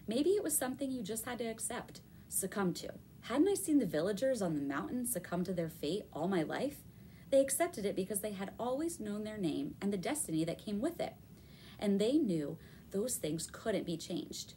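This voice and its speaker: A woman reading a children's novel aloud with expressive storytelling. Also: medium pitch, a little hiss or hum. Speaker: reader.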